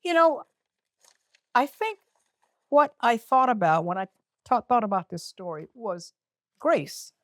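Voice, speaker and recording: A woman's voice: a little high, sing-song, takes it slowly, long pauses, a bit bright, no echo, studio quality. An older woman telling an emotional personal story on stage, candid and self-mocking. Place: community center event.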